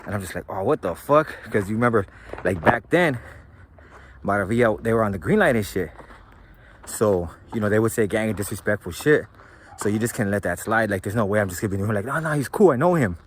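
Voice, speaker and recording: Laid-back man, low voice. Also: fast, a little hiss or hum. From San Gabriel Valley, California. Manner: laid-back, slangy and profane, loose rambling delivery. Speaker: vlogger telling his own story. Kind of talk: casual storytelling monologue.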